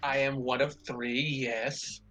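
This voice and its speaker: A man's voice: medium pitch, little pitch movement, slow pace, fairly bright tone, soft background music. A man playing a tabletop game who makes dry, teasing remarks. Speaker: player. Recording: dull lo-fi mic.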